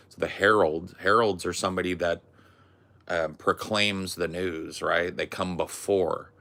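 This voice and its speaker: Deep, gravelly American man, loose profane podcast riffing. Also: fairly even intonation, a little slow, bright, forceful tone. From United States. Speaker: podcast host. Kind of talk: casual comedic podcast chat.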